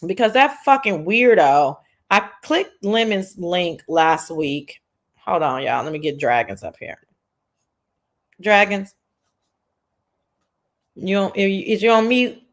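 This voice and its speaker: A woman hosting a casual livestream chat, brash and profane, telling stories with lots of energy. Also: mid-range voice. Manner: brash, profane, animated storytelling. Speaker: livestream host.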